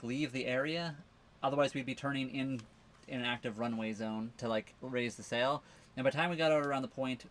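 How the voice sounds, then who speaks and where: Living aboard a sailboat, this livestream co-host fields viewer questions in a relaxed, meandering style, stumbling through fillers and restarting often. His voice sits in the medium range with a fairly bright tone.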